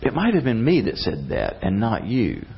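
Husky guy preaching, folksy and animated, kinda muffled sound. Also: on the low side, normal speed. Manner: folksy, animated, uses voices for characters. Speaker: pastor. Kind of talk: sermon.

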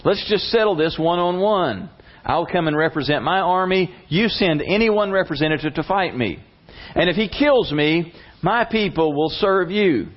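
A man's voice: on the high side, voice pushed up. A man voicing a boastful giant warrior who taunts an enemy army with a challenge. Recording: slightly muffled lo-fi recording.

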